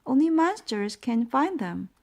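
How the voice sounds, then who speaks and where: A woman voicing a gentle, curious mother who asks many questions, in a read-aloud storybook. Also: high-pitched, big pitch swings, a little slow, pitched above the performer's own voice, full character voice.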